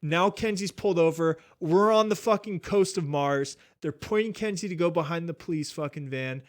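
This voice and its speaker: A young man casually telling a travel story, animated and swearing often, acting out what people said. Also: fairly high pitch, normal speed. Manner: animated, swears a lot, acts out quotes. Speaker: podcast guest.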